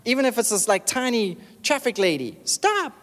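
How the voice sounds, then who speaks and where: High-voiced preacher, echoing hall. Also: male voice, brisk. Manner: animated, emphatic, calls for amens. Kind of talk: sermon.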